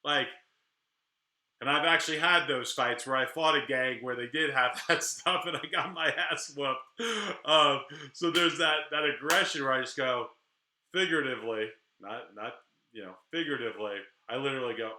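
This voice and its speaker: A middle-aged man, a criminal defense attorney, talking candidly to camera in a rambling, animated way with frequent restarts. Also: medium pitch, moderate pace, reverberant. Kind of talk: casual talk to camera.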